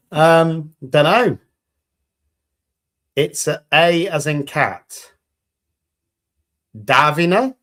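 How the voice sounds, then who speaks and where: Guy from the uk chatting on his resin craft livestream, upbeat and jokey, voice sits a bit high. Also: a bit bright. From United Kingdom. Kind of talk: casual livestream chat reading viewer comments.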